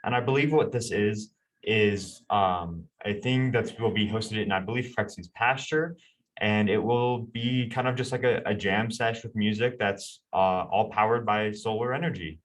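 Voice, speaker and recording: A man's voice: on the low side, moderate pace, distant mic. A man co-hosting a student town hall, reading announcements in a hesitant, hedging way. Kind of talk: casual announcements.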